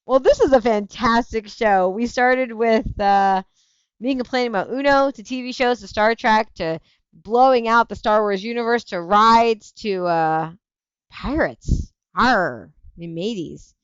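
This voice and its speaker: A woman's voice: on the high side, measured pace, smooth, dry recording, muffled recording. A woman hosting a livestream, chatting casually and reacting to viewer comments with frequent laughter. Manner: animated, laughing often, self-interrupting. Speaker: livestream host.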